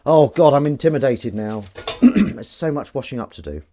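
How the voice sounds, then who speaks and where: A man's voice: medium pitch, lively intonation, moderate pace, warm tone, slight background noise. A man chatting casually to live-stream viewers while washing up in his kitchen, rambling with jokey asides. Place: home kitchen at the sink.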